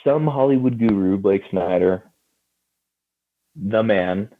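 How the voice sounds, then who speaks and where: Give me a deep-voiced, husky man in his thirties chatting as a podcast guest over a tinny, phone-like line. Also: slow. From California. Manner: animated storyteller, laughs often. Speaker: guest comic writer and publisher. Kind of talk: casual podcast chat.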